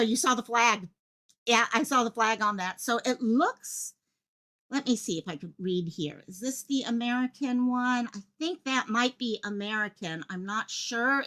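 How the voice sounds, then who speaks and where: A woman hosting a live stream from her home office, talking fast and excitedly and jumping between thoughts as she greets chat viewers. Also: fairly high pitch. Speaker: livestream host covering a missing-child case.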